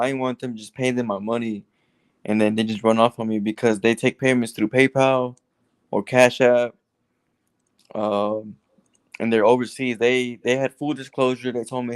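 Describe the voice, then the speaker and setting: A man's voice: mid-range voice, no room sound. A man seeking advice, telling his story at length with restarts. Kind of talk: casual conversation.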